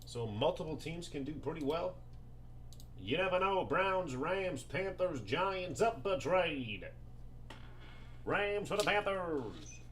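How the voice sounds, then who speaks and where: A man's voice: a little high, lively intonation, a bit bright, slight background noise. Hyped man hosting a live card break. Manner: rapid-fire listing of names and teams, hyped and joking.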